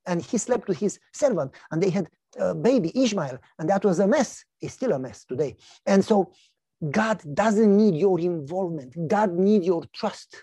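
A man preaching a sermon, telling stories with lively acted-out dialogue. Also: high-pitched, moderate pace, husky, dry recording. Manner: animated storytelling, acts out dialogue. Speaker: pastor.

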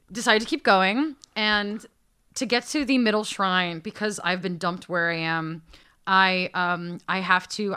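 Bright, lively woman telling a story. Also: medium pitch, clean tone. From United States. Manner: lively, acts out the people in her story with big shifts in loudness. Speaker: podcast co-host. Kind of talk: animated storytelling.

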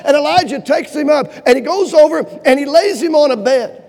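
A man preaching a sermon with fervent delivery, swinging from loud urgent pleading to low hushed lines. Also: fairly quick. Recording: long hall reverb.

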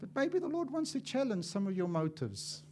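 A man's voice: high voice, sing-song, normal speed, a little hiss or hum. Impassioned preaching man. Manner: impassioned, swings from loud to soft; acts out dialogue in storytelling. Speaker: evangelist. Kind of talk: sermon.

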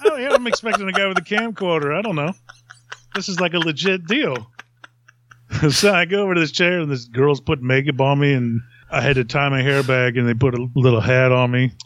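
A man's voice: fairly high pitch, fairly quick, a bit bright. A man hosting a podcast, telling a long story in a rambling way and chuckling often. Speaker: podcast host. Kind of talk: casual storytelling. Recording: dull lo-fi sound.

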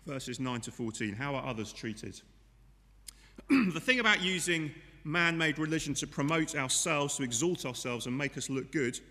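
A man's voice: fairly high pitch, expressive, measured pace, pushed and bright, long reverb tail. A man preaching a sermon in a conversational way, often asking his listeners rhetorical questions. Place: church.

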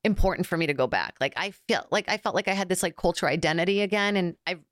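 A woman's voice: lowish voice, fast talker, a bit bright, no room sound, studio quality. A young woman guest comedian chatting casually, telling stories animatedly with lots of fillers and acted-out quotes. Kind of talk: casual chat.

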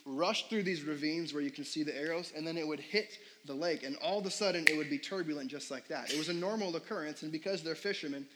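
A man's voice: fairly high pitch, fast talker, hardly any pauses, heavy background noise. A young adult man preaching a sermon as pastor in a casual, conversational way, full of fillers and questions put to the congregation.

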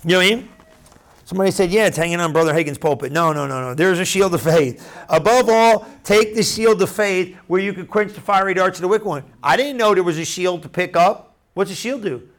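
Animated conversational male preacher, high voice. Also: brisk. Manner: conversational, animated, repeats and restarts phrases, asks the room questions. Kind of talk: sermon.

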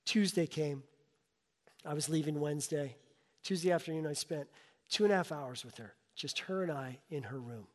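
A middle-aged man delivers a sermon, shifting between quiet reflection and stronger emphasis as he tells a personal story. His voice sits a little high for a man. It rings out with the long reverb of a large hall. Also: moderate pace. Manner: personal storytelling, emotional, rising and falling intensity. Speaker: pastor.

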